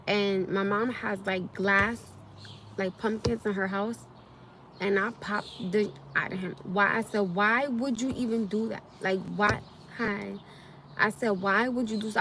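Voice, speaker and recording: A woman's voice: medium pitch, fairly bright tone, a little hiss or hum. A young woman, venting angrily and repetitively on a live stream from her parked car. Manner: angry, repetitive ranting. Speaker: livestreamer.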